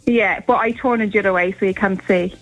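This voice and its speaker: A woman's voice: mid-range voice, steady tone, fast talker, faint music behind, rough recording. A woman calling in to a radio show, light and giggly. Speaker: caller. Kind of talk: phone-in call.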